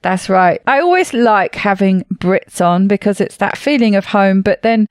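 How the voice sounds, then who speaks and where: A woman's voice: medium pitch, expressive, moderate pace, smooth, no echo, clean studio sound. A woman podcast host with a Southeast English accent, chatting casually and laughing often. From Southeast England. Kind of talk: casual interview chat.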